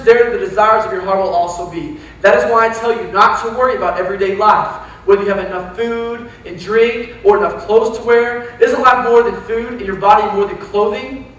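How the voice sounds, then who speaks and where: Youth pastor, male, high-pitched, lively casual sermon delivery, echoey church recording picked up from a distance. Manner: animated, talks straight to the crowd with quick asides. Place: church sanctuary.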